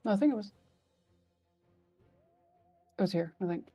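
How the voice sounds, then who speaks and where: A woman's voice: medium pitch, lively intonation, moderate pace, warm tone, husky, dry recording, faint music behind. A woman playing in a tabletop game. She is eager and blunt and swears freely. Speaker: player. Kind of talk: casual tabletop play. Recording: dull dry mic.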